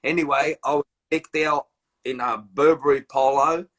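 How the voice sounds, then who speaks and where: Bright slangy man. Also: on the high side, moderate pace. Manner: animated storytelling, slangy. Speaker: host. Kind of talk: casual live-stream chat. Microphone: phone or laptop on a live video call.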